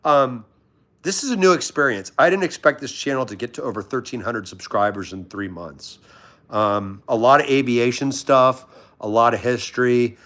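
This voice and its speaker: A man from Washington, D.C., hosts a casual livestream at home in his pajamas, his mid-range voice slightly bright and at normal speed. He chats in a friendly, rambling way and greets viewers by name.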